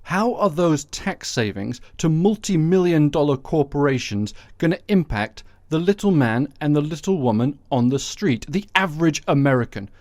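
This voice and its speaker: Brief: male podcast host, wry and jokey, a touch higher voice, dry unreverberant mic. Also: expressive, moderate pace, few pauses, a little mellow, no echo. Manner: sarcastic, joking asides. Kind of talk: casual solo podcast monologue.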